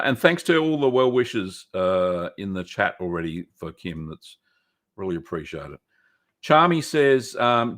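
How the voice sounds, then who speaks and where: A middle-aged man hosting a live stream, casually answering viewer questions with lots of ums and uhs in a small echoey room. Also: on the low side. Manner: relaxed, chatty, many ums and uhs.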